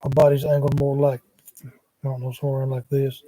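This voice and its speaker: Man, casual rambling livestreamer, dark mellow voice, dry laptop sound. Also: medium pitch, monotone, brisk, no room sound. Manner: drawling, wandering, muttering asides. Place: at home, sprawled on a couch. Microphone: laptop microphone.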